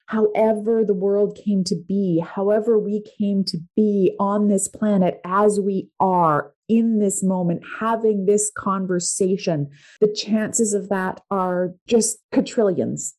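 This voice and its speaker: A woman hosting a podcast, talking in an enthusiastic, expressive and reflective way. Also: mid-range voice, slow pace, hardly any pauses. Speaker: podcast host. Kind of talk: casual conversational podcast talk.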